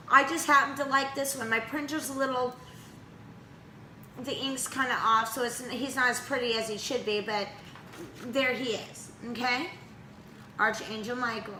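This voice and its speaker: Middle-aged woman, chatty spiritual teacher, bright voice, somewhat high, echoey room with faint hum. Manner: chatty, frequent "okay?" check-ins. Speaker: spiritual practitioner. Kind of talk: casual how-to demonstration.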